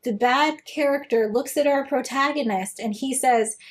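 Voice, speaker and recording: Sarcastic woman with a high-ish voice. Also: moderate pace. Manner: sarcastic, lively retelling. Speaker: video essayist. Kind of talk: casual commentary.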